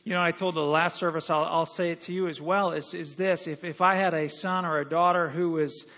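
Male pastor, high-pitched, emphatic sermon delivery with call-and-response. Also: steady tone, a little fast, fairly bright tone. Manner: emphatic, repeats phrases, calls for congregation responses.

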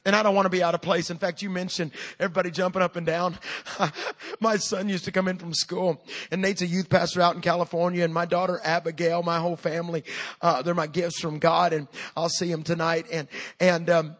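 Man, 50s, pastor, sermon, high-pitched, energetic, humorous, rousing. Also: brisk. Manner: energetic, humorous preaching that builds to loud exhortation.

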